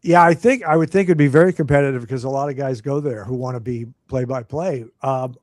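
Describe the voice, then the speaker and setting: A man's voice: mid-range voice, fast, darkish tone, no echo. Dry-sounding man hosting a chat. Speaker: podcast host. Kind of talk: casual interview chat.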